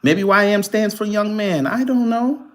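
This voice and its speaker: Animated, laughing man with a higher voice. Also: moderate pace. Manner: animated, profane, laughs often, talks straight to viewers. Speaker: commentary channel host. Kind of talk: live commentary reading news and answering chat.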